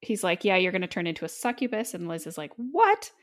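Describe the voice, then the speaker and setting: A woman's voice: on the low side, fast. A woman chatting casually about a book, animatedly quoting the characters. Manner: animated, quotes characters dramatically. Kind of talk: casual chat retelling a book.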